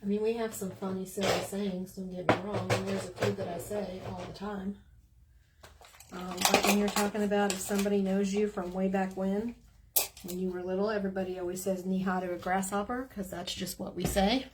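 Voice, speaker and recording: A woman's voice: medium pitch, level tone, fairly quick, heavy background noise. A woman with a Southern US accent chatting casually on a livestream, teasing and drawling as she tosses out folksy sayings. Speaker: livestream host.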